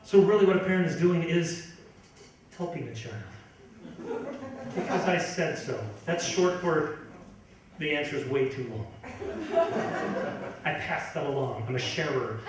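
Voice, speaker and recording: A middle-aged man doing a stand-up comedy set in a club, ranting and incredulous, sometimes building to a shout. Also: on the high side, normal speed, pauses often. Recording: echoey club from far off.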